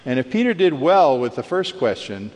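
A man's voice: medium pitch, big pitch swings, normal speed, a little mellow. Man preaching in a reverberant hall. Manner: emphatic, rises sharply when acting out quoted speech. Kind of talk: sermon. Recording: long reverb of a large hall.

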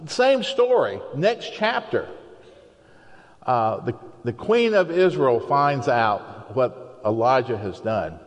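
A man preaching a sermon in a conversational, storytelling way, acting out the people he quotes. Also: a little high. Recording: long hall reverb.

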